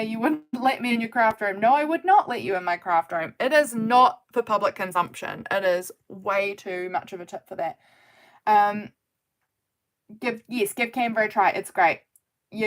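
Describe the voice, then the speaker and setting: A woman with a medium-pitched, slightly bright voice hosts a casual craft livestream from her desk at home. She rambles as she works and laughs often.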